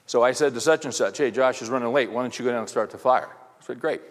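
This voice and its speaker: A man's voice: mid-range voice, fast. A middle-aged man speaking to a men's audience, telling rambling anecdotes in a conversational sermon and throwing rhetorical questions at the crowd. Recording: reverberant hall.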